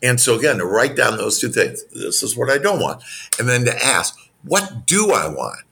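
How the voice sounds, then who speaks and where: A man working as a business coach, giving motivational answers in an interview with spiritual self-help phrasing and animated delivery. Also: moderate pace, creaky, a little hiss or hum. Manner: animated, acts out quoted dialogue in a higher voice.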